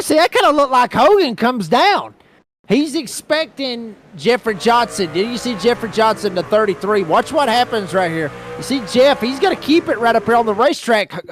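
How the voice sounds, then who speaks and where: A man's voice: very high-pitched, fairly bright tone, a little hiss or hum. A man doing color commentary on a sim race, explaining replays in a folksy, rambling way. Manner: folksy, explanatory, lots of "I mean".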